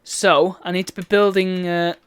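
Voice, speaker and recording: A woman's voice: on the low side, level tone, normal speed, clean tone, no echo. A woman chatting through a live game stream, with exasperated outbursts at the game. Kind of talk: live gameplay commentary.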